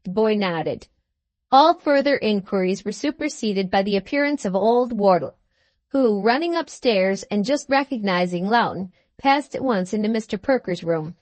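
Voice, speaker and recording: A woman narrating a classic novel as an audiobook, reading in an even, measured way. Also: mid-range voice, no room sound. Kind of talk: scripted narration.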